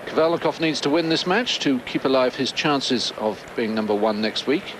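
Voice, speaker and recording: A man's voice: medium pitch, a crowd in the background. Man calling a tennis match. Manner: measured, factual, reels off scores. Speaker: play-by-play tennis commentator. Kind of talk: sports commentary.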